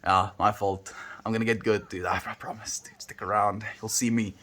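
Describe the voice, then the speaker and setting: A man with a South African accent, chatting casually with viewers on a livestream from home, relaxed and playful with how words sound. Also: fairly low pitch, normal speed.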